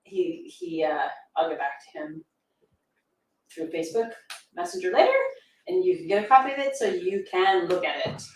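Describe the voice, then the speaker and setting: A woman's voice: on the low side, sing-song, moderate pace, darkish tone, far from the mic, slight background noise. A woman co-hosting a livestream, reading out viewer messages and teasing her partner playfully. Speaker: co-host reading super chats. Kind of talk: casual livestream chat. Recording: roomy echo, set back from the mic.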